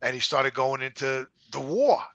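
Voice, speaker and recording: A man's voice: mid-range voice, lively intonation, normal speed, fairly bright tone, no echo, dull audio. A man, telling a long personal story on a podcast and rambling with lots of "you know.". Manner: rambling, repeats words and says "you know" a lot. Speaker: podcast co-host. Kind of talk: casual storytelling chat.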